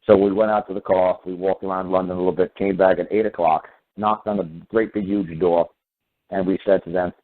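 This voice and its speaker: A man's voice: deep voice, little pitch movement, a little fast. A man calling into a talk radio show, telling stories and lecturing in an emphatic, repetitive way. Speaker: guest caller on talk radio. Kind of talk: talk radio storytelling and opinion. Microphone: phone. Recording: phone-line call.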